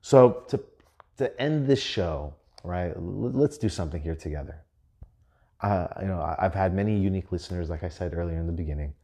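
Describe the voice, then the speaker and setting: A man's voice: low voice, fairly quick, dark tone. A young adult man hosting a podcast, telling a profane story in a loose, laughing way. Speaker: podcast host. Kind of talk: casual storytelling monologue.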